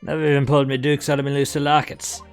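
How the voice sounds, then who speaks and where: Brief: man putting on a raspy-edged Cockney crook, gruff slang, fairly high voice. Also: monotone, fast talker, faint music behind, close to an everyday voice. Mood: defensive. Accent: put-on Cockney. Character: rough male Cockney thief, loyal sidekick. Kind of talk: fan voice-over reading of a game.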